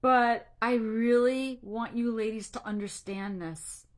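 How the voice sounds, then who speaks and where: Middle-aged woman, anxiety coach, earnest and a bit preachy on a live talk, tearful, voice sits a touch high. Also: steady tone, slow. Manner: earnest, direct, a little preachy. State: tearful, emotional. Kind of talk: casual livestream talk to a group.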